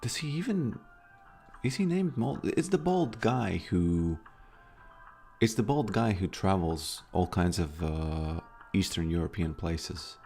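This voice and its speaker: A man's voice: low-pitched, lively intonation, slow, creaky, dark tone, faint music behind. A man chatting casually on a live stream, rambling and hesitant with many restarts.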